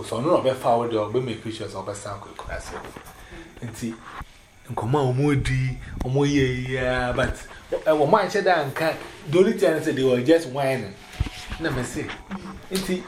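A Ghanaian man recounts a family story in an animated, chatty way, jumping up in pitch whenever he quotes someone. His medium-pitched voice rings out in a roomy, echoey space with a faint hiss underneath. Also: normal speed. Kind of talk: casual storytelling mixing English and Twi. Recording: roomy echo.

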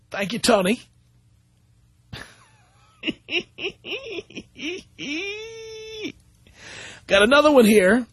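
A man's voice: very high voice, big pitch swings, very slow, pauses often, dry recording. A man hosting a talk radio show, sarcastically mocking listener mail and spelling out its errors letter by letter. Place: radio studio.

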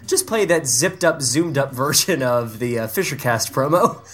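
A man's voice: medium pitch, animated, normal speed, fairly bright tone. Joking man on a podcast. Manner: joking, laughs often, mock-dramatic. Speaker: podcast co-host. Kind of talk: casual podcast chat.

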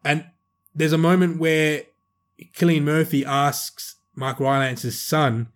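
Man, film podcast co-host, emphatic, rambling, casual chat. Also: slow. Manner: animated, rambling, emphatic, pitch jumping up and down.

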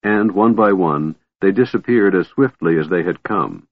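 A male narrator reads a fantasy story in a measured, dramatic way. His voice is deep and husky. The recording is dry and narrow, like a phone line. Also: no echo. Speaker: audiobook narrator. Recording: tinny phone-like audio.

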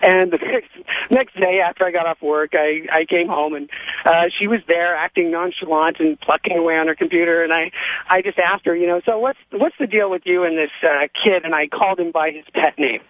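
A man's voice: a little high, fairly even intonation, fairly quick, no echo. A man calling in to a radio show, telling a long story with many ums and restarts over a phone line. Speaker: caller. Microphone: telephone.

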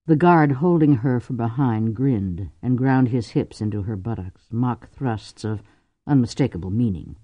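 A man narrating a novel in a measured, dramatic audiobook reading. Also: mid-range voice, lively intonation, dry recording, lo-fi sound. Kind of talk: scripted narration.

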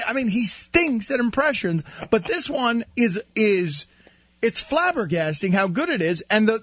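A man hosting a radio talk show, teasing his co-host with quick questions. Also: very high-pitched, fairly bright tone, breathy edge, dry recording, lo-fi sound. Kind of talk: casual sports-radio banter.

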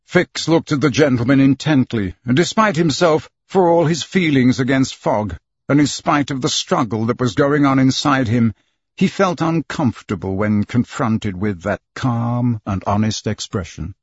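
A man narrating an audiobook in a steady, expressive reading. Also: mid-range voice, normal speed, husky, no room sound, lo-fi sound. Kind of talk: scripted narration.

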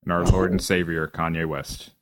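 Deep, deadpan young man. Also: moderate pace, no room sound. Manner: dry, deadpan list-reading. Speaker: podcast co-host. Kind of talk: casual joking chat.

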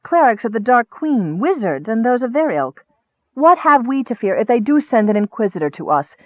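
An earnest, warm-hearted young noblewoman from a storybook, as a man reads her part. The voice sits well above his own and pleads with feeling. The sound is narrow and phone-like, dry and close. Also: sing-song, moderate pace, no echo. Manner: raised pitch, pleading.

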